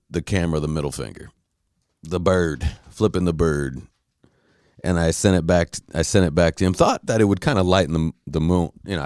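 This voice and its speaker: A man with a low, deep voice rants bluntly on a podcast, swearing freely as he tells a heated story. The sound is dry and close, with no room echo. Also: darkish tone. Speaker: podcast host. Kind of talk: casual monologue rant.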